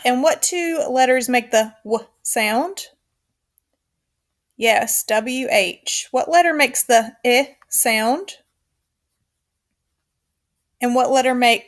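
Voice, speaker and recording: Speaking slowly and clearly in a voice on the high side, a woman teacher records a phonics lesson for young kids. She encourages them through counted call-and-response.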